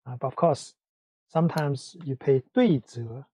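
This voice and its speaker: A man teaching a language lesson, explaining in English between slow examples with many fillers. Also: medium pitch, mellow, breathy edge, low-quality recording. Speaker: Mandarin teacher.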